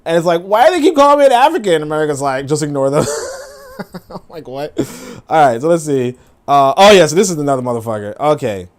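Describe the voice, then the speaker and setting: Animated profane man hosting a livestream. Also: mid-range voice. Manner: rambling, profane, laughing asides. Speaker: livestream host. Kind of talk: casual reaction commentary.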